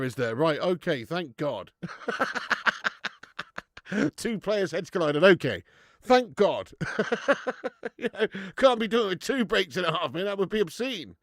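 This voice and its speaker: Excitable man on a dry mic. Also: high-pitched, a little slow, long pauses, no room sound. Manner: excitable, swears, reads chat comments aloud. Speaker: live-stream host. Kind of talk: casual football watch-along commentary.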